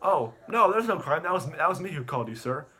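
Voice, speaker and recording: A man doing a whiny little boy in a pitched-up voice that pleads and stammers, begging for what he wants. The voice pushes up and gets louder on each request, like a spoiled child nagging. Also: expressive, quick pace. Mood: whiny pleading.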